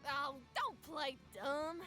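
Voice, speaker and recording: A woman's voice: high voice, expressive, takes it slowly, soft background music. A woman voicing a cocky, brash male warrior general who taunts his opponent. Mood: taunting. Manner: swaggering, taunting. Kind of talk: comedy parody voice acting.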